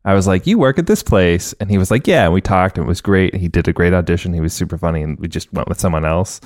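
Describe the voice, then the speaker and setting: A man co-hosting a podcast, telling stories in an animated, self-deprecating casual chat. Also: deep voice, rapid-fire, no echo, clean studio sound.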